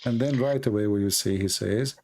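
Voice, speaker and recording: A man hosting a live call-in stream, earnestly explaining religious ideas with pauses and fillers. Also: fairly low pitch, a little mellow.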